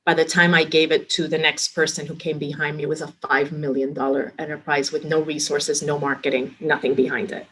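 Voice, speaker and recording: Lowish-voiced woman telling work stories. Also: fairly quick, hardly any pauses, husky. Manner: lively anecdotes acting out quoted dialogue. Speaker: restaurant executive guest. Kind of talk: casual interview storytelling.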